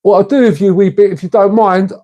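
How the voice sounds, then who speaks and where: Male streamer, relaxed warm voice, casual chatty host. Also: high-pitched, fairly quick, lo-fi sound. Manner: chatty, matey, reads and answers comments. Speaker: livestream host. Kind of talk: casual livestream chat with viewers.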